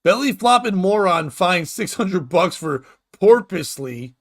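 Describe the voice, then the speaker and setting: A man hosting a comedy podcast, reading news stories aloud and ranting about them in a profane, animated way, laughing at his own jokes. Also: high voice, measured pace.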